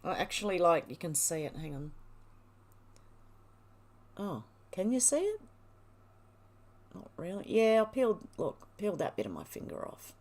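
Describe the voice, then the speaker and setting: A woman's voice: fairly low pitch, sing-song, normal speed, pauses often, darkish tone. A middle-aged woman hosting a livestream, reading viewer comments aloud and chatting back casually. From Australia. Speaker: livestream host reading chat. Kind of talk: casual chat.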